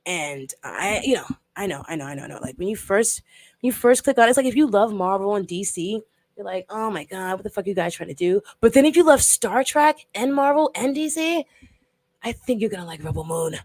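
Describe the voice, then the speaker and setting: Woman, livestream host, excitable, swears a lot, dry close sound. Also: medium pitch, brisk, dry recording. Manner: excitable, swears freely, talks to chat viewers. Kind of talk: casual livestream chat.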